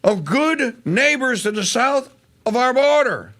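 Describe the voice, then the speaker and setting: A man hosting a political talk radio show, delivering a fiery monologue that swings between low mutters and shouts. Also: sing-song, slow. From Louisiana.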